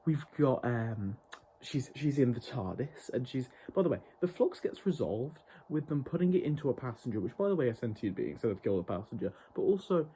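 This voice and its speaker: A man's voice: mid-range voice, very animated, brisk, warm tone, breathy edge. Exasperated, swearing man ranting. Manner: exasperated, heavily profane ranting. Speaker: TV show reviewer. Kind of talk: ranting review vlog.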